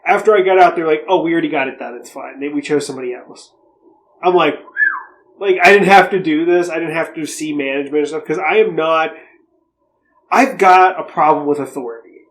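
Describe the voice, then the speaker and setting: A man's voice: fairly high pitch, brisk, low-quality recording. A young man co-hosting a podcast, telling a story in a rambling, profane, casual way. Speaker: podcast co-host. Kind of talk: casual chat.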